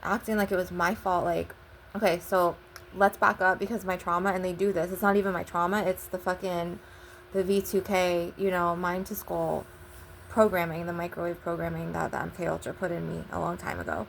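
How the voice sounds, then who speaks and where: A woman's voice: lowish voice, fairly even intonation, brisk, creaky, a little hiss or hum. A woman telling a personal story in a casual, rambling way. She swears often and retells conversations with "I'm like" and "he was like.". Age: adult. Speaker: channel host.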